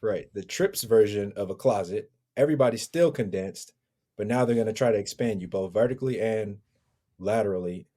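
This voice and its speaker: A man joining a podcast as a guest analyst, breaking down football film in a measured, analytical way. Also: lowish voice, dark tone. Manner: measured, analytical, chuckles between points.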